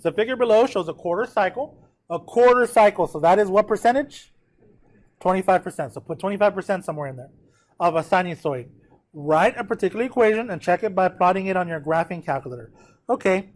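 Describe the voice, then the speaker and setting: A man with a high voice teaches a math lesson, going through a graph one step at a time while counting out loud and addressing his students directly.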